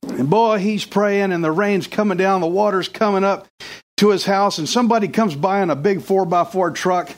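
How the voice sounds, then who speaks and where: Animated high-voiced male pastor preaching. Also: moderate pace. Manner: animated storytelling, puts on voices for characters. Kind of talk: sermon.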